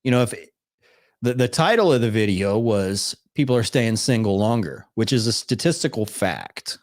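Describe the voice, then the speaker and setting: This streamer reacts to videos and chats with his audience in a blunt, sarcastic way, dropping swear words casually. His voice is on the low side, with lively intonation and a normal speaking speed.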